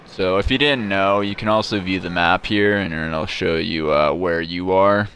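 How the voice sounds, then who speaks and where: A man with a deep, slightly bright voice speaks at normal speed, offering sarcastic, mock-bragging commentary on his own gameplay. He's profane and rambling, restarting often, with a little hiss or hum in the audio.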